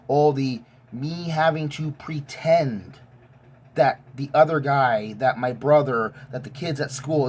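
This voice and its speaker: A woman's voice: very deep voice, darkish tone, a little hiss or hum. A woman giving a blunt, profane, emotionally intense rant as a vlogger. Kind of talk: profane ranting monologue.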